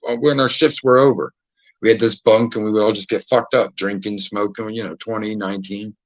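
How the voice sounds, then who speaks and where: A man's voice: on the low side, steady tone, brisk, no echo, poor audio. A man, a podcast host telling casual stories full of swearing and acting out other people's lines. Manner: profane, acts out quoted voices. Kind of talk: casual storytelling.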